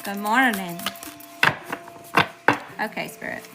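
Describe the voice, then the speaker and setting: A woman's voice: mid-range voice, slow, creaky, loud music behind the voice. A woman giving a live tarot reading, chatty and informal, greeting viewers and often checking in with "okay?". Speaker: tarot reader.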